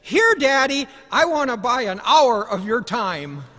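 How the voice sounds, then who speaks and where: Man doing a little boy voice, pleading, high, hall reverb. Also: very animated, measured pace, a bit bright, heavily acted. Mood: earnest. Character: small boy, four and a half, pleading and earnest. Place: commencement ceremony hall.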